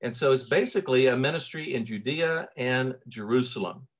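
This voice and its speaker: A middle-aged pastor from Tennessee with a Southern accent, preaching a sermon in a relaxed, conversational way with frequent fillers and restarts. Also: male voice, mid-range voice, normal speed.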